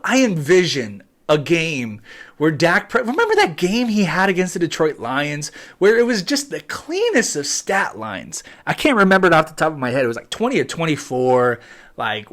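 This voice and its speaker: A man's voice: on the high side, a bit bright. A young man hosting a fan channel, giving a casual pre-game prediction, emphatic and repetitive, pleading at times. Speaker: sports fan channel host.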